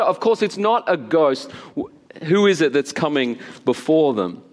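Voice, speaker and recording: A man's voice: on the high side, measured pace. A man from Australia with an Australian accent, preaching a sermon and telling stories with animation and frequent laughter. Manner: storytelling, animated, laughs often. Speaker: pastor. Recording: long hall reverb.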